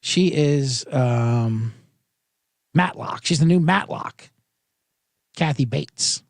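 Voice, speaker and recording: With a medium pitch and drawn-out words, this podcast host talks sports betting in casual livestream chat, recorded cleanly in a studio without echo. Profane and rambling, he frequently breaks off his own sentences.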